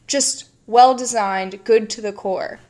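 Unhurried, wry woman co-host. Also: fairly high pitch, darkish tone. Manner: teasing, wry, quick to laugh. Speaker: podcast co-host. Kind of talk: casual chat.

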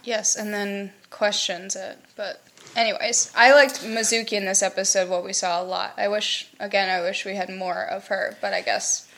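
A woman co-hosting a podcast in casual chat, giggly and animated as she tells stories. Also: medium pitch, moderate pace. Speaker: podcast co-host.

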